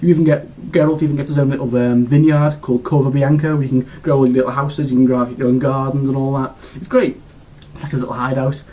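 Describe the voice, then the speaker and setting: Fast-talking, gushing British man. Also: mid-range voice, level tone, dark tone. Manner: gushing, rambling, full of restarts and fillers. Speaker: video game reviewer. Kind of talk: casual spoken review.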